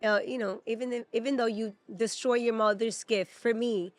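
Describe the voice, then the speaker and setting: A woman's voice: fairly high pitch, fairly even intonation, normal speed. A woman in her thirties from Peru, a native Spanish speaker, co-hosting a casual chat and talking emotionally with lots of fillers. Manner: chatty and emotional, many fillers. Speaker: podcast co-host. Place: at a theme park.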